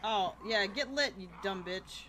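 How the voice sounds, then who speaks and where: A woman's voice: medium pitch, unhurried, background noise. A woman streaming a video game live, who startles easily, swears a lot and laughs between her reactions. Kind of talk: live gameplay reaction commentary.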